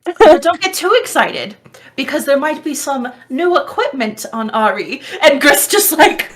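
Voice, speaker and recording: A woman player with a high voice jumps in during a tabletop game. Her pitch swoops around a lot. She is bubbly and quick to laugh. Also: very animated, fairly bright tone. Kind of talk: casual tabletop play.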